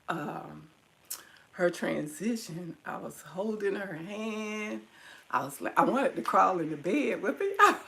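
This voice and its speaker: A woman's voice: on the low side, vocal fry, low-quality recording. A middle-aged woman tenderly reminiscing about her mother to her viewers, at times teary-eyed. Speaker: vlogger. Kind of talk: personal storytelling to viewers.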